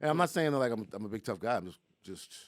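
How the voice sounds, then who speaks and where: Man in his 40s, low voice, rapid talk, comedian guest, casual storytelling. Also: no echo, studio quality. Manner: animated, fast storytelling with acted-out quotes.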